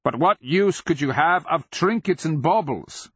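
A man's voice: fairly high pitch, expressive, measured pace, a bit bright, husky, dry recording, pitched above the performer's own voice, exaggerated voice. A man voicing a frail, stubborn old wizard who pleads and cries out in a strained voice. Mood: pleading. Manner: pleading, then crying out. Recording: dull lo-fi dry recording.

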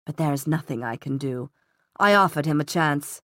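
A woman voicing a ruthless middle-aged male villain who speaks in a calm, cutting, measured way. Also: low voice, no room sound, clean studio sound, pitched below the performer's own voice, lightly acted. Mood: cold disdain.

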